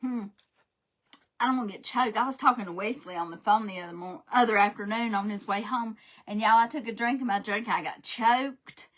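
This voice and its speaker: A woman's voice: medium pitch, brisk, a bit bright. A woman, chatting and telling stories while crafting live, laughing often. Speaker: craft livestream host. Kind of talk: casual chat while crafting.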